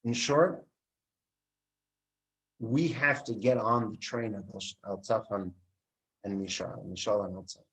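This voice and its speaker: A man, likely a rabbi, giving a sermon and telling a story, acting out the characters' dialogue with lively expression. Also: on the low side, measured pace, pauses often, rough recording. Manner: animated storyteller who acts out the dialogue.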